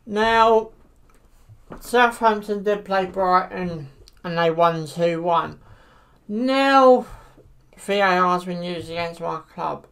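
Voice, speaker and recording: A woman's voice: lowish voice, vocal fry, a bit bright. A woman giving casual football predictions to camera, hesitant and full of fillers. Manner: hesitant, many fillers like "you know". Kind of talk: casual solo commentary to camera.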